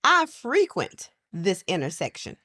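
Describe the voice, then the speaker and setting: A woman co-hosting a podcast in casual chat, telling a story with animated quotes of other people. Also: on the low side, a little slow, no room sound, studio quality. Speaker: podcast co-host.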